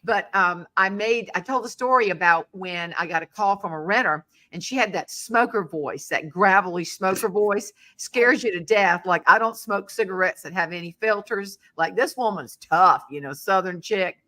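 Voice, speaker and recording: A woman hosting a relaxed interview chat, telling lively stories. Her voice is bright and forward. She slips into other people's voices as she goes. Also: mid-range voice, moderate pace, hardly any pauses. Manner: animated storyteller, acting out voices. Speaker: podcast host.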